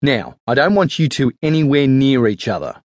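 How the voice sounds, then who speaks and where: A man's voice: mid-range voice, sing-song, normal speed, no room sound. A man voicing a strict, cold male schoolteacher in an audiobook, giving clipped, stern commands. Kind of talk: audiobook character voice.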